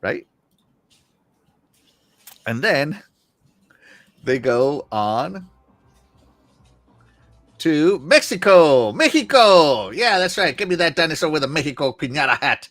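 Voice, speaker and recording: A man hosting a casual gaming talk show, excitable and jokey, often trailing off quietly at the ends of sentences. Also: on the high side, a little slow, long pauses, dry recording, faint music behind. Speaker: podcast host.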